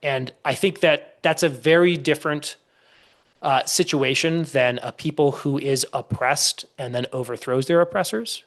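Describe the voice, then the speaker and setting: A man's voice: a little high, moderate pace. A man, a historian being interviewed on a podcast, explaining at length with frequent restarts and storytelling. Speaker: historian guest.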